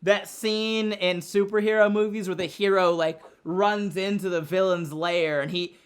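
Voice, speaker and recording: A young man co-hosting a podcast as a comedian, chatting casually and slipping in dry, deadpan jokes. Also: sits high, a little slow, hardly any pauses, a little hiss or hum.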